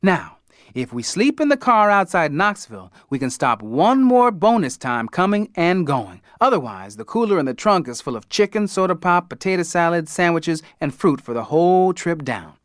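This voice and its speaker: A man voicing a brisk, practical mother. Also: on the high side, very animated, dry recording, studio quality, voice pushed up. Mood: practical planning. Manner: brisk, matter-of-fact, list-reading. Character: organized, practical mother planning a family trip.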